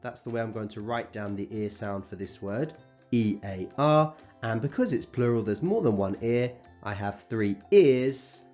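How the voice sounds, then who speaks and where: A man teaching a recorded phonics lesson to young children, sounding out letters slowly and clearly and praising them as they go. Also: on the low side, dull audio. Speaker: primary school teacher.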